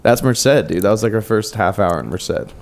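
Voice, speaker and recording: A man's voice: lowish voice, normal speed, a little hiss or hum. A young man co-hosting a casual podcast, telling stories in a loose, swearing way and acting out the people in them. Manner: swearing, animated storyteller who acts out shouted quotes. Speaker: podcast co-host. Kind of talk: casual storytelling chat.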